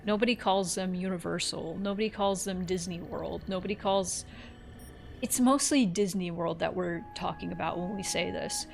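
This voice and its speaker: A woman's voice: lowish voice, normal speed, vocal fry, a little mellow, faint music behind. A woman in her thirties from Central Florida, telling rambling stories with some swearing as she plays a game. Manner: rambling storyteller, swears, laughs at herself. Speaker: gaming streamer. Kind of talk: casual gameplay commentary.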